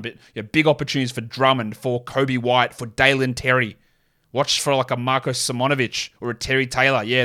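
A man in a middle voice runs through his sports podcast alone, talking casually. He drops quick opinions and offhand asides as he goes. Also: mid-range voice, fairly bright tone. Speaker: fantasy basketball podcast host. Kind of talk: casual solo podcast commentary.

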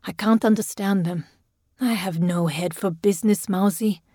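A woman's voice: medium pitch, moderate pace, dark tone, no echo, studio quality, lightly acted. A woman voicing a drunk, jovial, overbearing middle-aged man who talks in a slurred, teasing way. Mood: wheedling.

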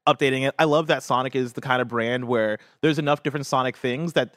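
Young guy cohosting a games show, talks really fast and rambly, keeps saying right?, dry close sound. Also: mid-range voice, fairly bright tone, dry recording. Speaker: co-host of a video game news show. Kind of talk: casual chat.

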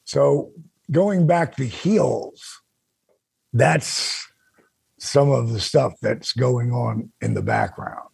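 An older man hosting a talk show, telling stories in an animated way and acting out the quotes. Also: extremely slow, gravelly, breathy edge, no room sound. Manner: acts out quotes with big pitch jumps. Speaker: podcast host telling stories. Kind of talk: animated storytelling.

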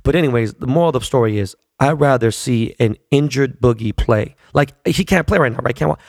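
A man's voice: medium pitch, expressive, a little fast, gravelly, dry recording, clean studio sound. A man in his forties telling a long, profane story in a casual, rambling way, full of fillers. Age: 40s.

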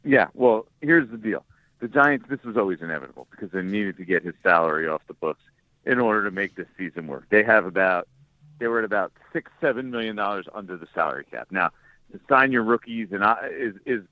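Low-voiced man on a tinny phone line. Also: dry recording. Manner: relaxed, explains at length with fillers. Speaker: sports reporter guest. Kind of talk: casual radio interview.

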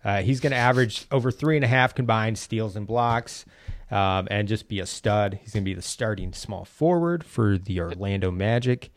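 A man pitching fantasy basketball sleepers in a casual podcast chat, enthusiastic and prone to stumbling restarts. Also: moderate pace, no echo, clean studio sound.

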